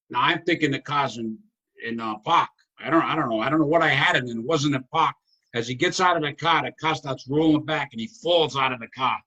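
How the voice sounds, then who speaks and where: A man in his sixties from Rhode Island, hosting a casual chat and telling rambling comic stories about his past. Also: mid-range voice. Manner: rambling comic storyteller, animated. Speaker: host.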